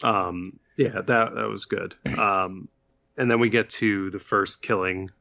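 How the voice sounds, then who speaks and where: A man casually recapping a bad movie with a co-host, relaxed and full of ums. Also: on the low side, slow, vocal fry, highs cut off. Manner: laid-back, filler-heavy retelling. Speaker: podcast co-host.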